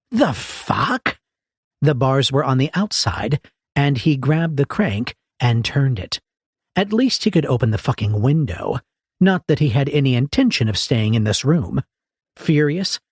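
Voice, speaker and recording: Husky, lively male audiobook narrator. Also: mid-range voice, no echo. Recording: dry close recording.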